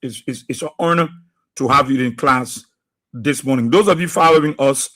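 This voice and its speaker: A man hosting a live radio show, reading out listeners' names and places in an unhurried way with many pauses. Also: mid-range voice, fairly bright tone. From Liberia. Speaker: radio host.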